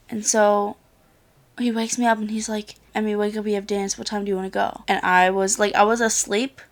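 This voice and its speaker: A late-teen girl vlogging in a loose, chatty ramble. Her voice sits at an ordinary middle pitch with a lot of gravelly fry at the ends of phrases. She keeps dropping "like" as filler and throws in the odd swear. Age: late teens. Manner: rambling storyteller, filler-heavy with frequent "like", swears. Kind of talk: casual chat to camera.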